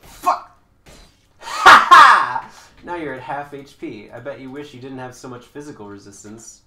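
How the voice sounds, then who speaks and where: A man streaming a game from a couch, chatting and taunting opponents with sudden loud outbursts. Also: medium pitch, a little fast, reverberant, heavy background noise. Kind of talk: live gameplay chat. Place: indoors on a couch while house sitting.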